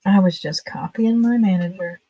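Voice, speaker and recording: A woman's voice: medium pitch, normal speed, dark tone. A woman in her fifties, a guest on a livestream, telling casual stories in a chatty way and laughing often. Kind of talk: casual storytelling.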